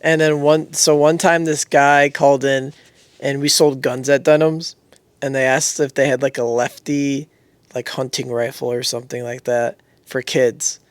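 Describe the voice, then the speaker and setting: A young man co-hosting a podcast, telling stories with animated energy and frequent laughter. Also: mid-range voice, moderate pace, clean tone, no echo. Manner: animated storytelling, laughs often. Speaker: podcast co-host. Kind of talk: casual chat.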